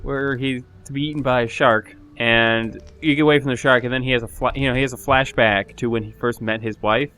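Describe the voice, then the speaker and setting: A man's voice: medium pitch, fairly even intonation, brisk, few pauses, sharp tone. A man co-hosting a podcast, recapping a game's plot in a rambling, casual way with lots of filler words. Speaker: podcast co-host. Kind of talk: casual chat.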